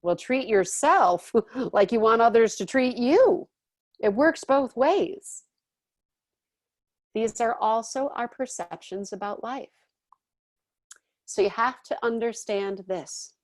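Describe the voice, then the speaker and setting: A woman's voice: a little high, expressive, slow pace, long pauses, no echo. A woman teaching a class in a casual, chatty way, often checking in with her listeners. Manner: chatty, often checks in with "okay?" and "all right?".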